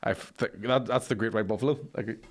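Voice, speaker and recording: A man's voice: on the low side, quick pace. A man, a podcast co-host trading crude jokes in casual chat. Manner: joking, crude banter.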